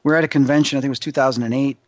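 A male guest telling an excitable, rambling story as a paranormal investigator, acting out other people's voices. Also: mid-range voice, very fast, no room sound, highs cut off. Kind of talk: animated anecdote storytelling.

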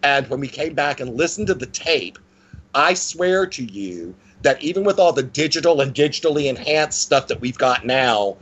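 Male guest, lively conversational storyteller with a mid-range voice. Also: normal speed, breathy edge, dull audio. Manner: animated, with frequent pitch swings and restarts.

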